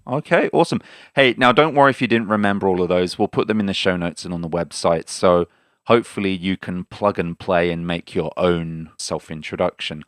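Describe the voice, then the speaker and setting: A man's voice: low voice, a little fast, dry recording, clean studio sound. A man hosting a language lesson podcast in an upbeat, jokey way, often stumbling over his words. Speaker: podcast host. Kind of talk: casual language lesson chat.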